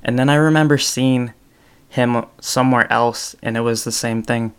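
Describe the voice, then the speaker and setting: A man's voice: medium pitch, steady tone, normal speed, clean tone. A young man hosting his own podcast, talking casually about storytelling with many ums and restarts. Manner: rambling, frequent ums and restarts. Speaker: podcast host. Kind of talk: casual solo podcast talk.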